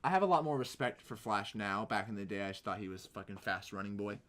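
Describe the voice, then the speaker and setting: A man from the United States co-hosting a podcast in casual chat, swearing often and rambling in an animated way. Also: on the low side, quick pace. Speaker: podcast co-host.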